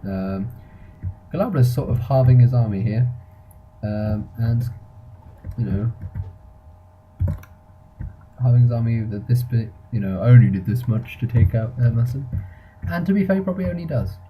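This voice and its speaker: A man's voice: medium pitch, moderate pace, lo-fi sound, slight background noise. A man giving casual commentary on a strategy game battle, rambling and correcting himself as he thinks aloud. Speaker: gameplay reviewer and commentator. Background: music.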